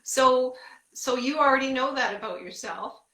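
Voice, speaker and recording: Chatty bright-voiced woman in an echoey room. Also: high-pitched, normal speed. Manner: chatty, emphatic, quotes her own inner questions. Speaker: intuitive reader. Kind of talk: casual podcast chat.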